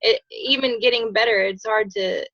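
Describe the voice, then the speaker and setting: Woman, gentle, encouraging, raspy voice, muffled lo-fi sound. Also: a little high, moderate pace, no room sound. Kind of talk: casual chat. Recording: dull lo-fi sound, dry.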